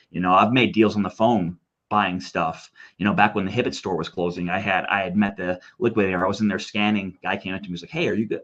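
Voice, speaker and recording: A man with a lowish voice speeds through a rambling, animated story, quoting other people as he goes. His audio comes through dull and lo-fi, as if over a remote call. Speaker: guest. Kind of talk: casual interview talk.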